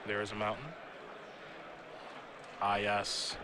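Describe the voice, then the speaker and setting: A man's voice: fairly low pitch, completely flat delivery, slow pace, background noise. A man calling a card game tournament live as play-by-play commentator, with playful, teasing banter between plays.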